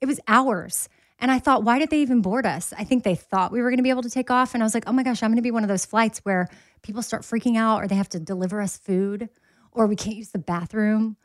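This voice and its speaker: A woman's voice: on the high side, fast talker, no room sound, clean studio sound. A woman hosting a podcast in casual, upbeat chat. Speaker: podcast host.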